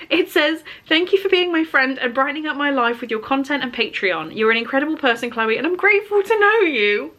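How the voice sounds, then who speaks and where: A young woman vlogging casually about books she received, gushing and excitable as she reads blurbs aloud. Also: on the high side. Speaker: book vlogger. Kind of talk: casual vlog chat, unboxing and reading aloud.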